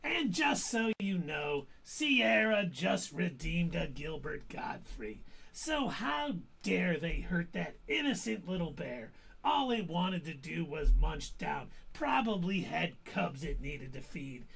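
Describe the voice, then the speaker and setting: A man's voice: a little high, very animated, takes it slowly, gravelly, few pauses, fairly bright tone, slightly rough. A man co-hosting a casual podcast chat who drops dry, sarcastic quips. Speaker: podcast co-host.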